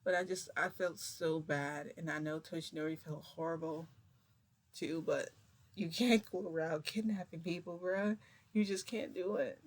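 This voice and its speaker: A woman's voice: sits low, steady tone, unhurried. A woman vlogger telling a story to camera in a casual, rambling way, close to tears. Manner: emotional, rambling retelling with many "like"s.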